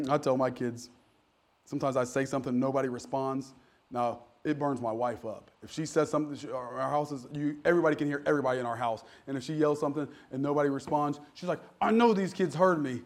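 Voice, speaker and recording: A man's voice: mid-range voice, quick pace. A middle-aged man preaching a sermon as pastor, folksy and joking, building to emphatic preaching. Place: church.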